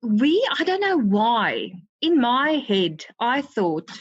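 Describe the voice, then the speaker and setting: A woman, a guest on a podcast, talking emotionally and warmly and often restarting her sentences. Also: a little high, big pitch swings, slow, breathy edge, dry recording, muffled recording. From South Africa. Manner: emotional, warm, with many restarts.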